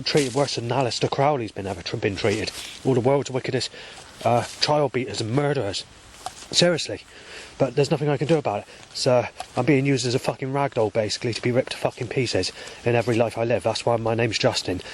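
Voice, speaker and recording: Man, mid pitch, aggrieved and profane vlogger monologue recorded on a phone outdoors with faint background noise. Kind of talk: rambling monologue on a walk. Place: outdoors by a road on a walk.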